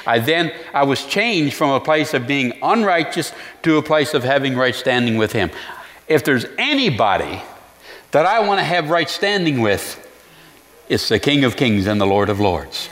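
A man's voice: medium pitch, very animated, fairly bright tone. Earnest male pastor preaching in a reverberant hall. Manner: earnest, with reflective pauses and restarts. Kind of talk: sermon.

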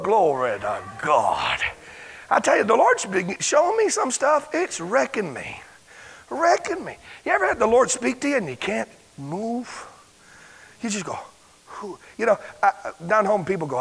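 A male pastor preaching a fervent sermon, shouting his points and dropping to a hush to tell a story. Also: sits high, huge pitch swings, unhurried, gravelly, breathy edge, low-quality recording. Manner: fervent, swings from loud shouting to hushed storytelling.

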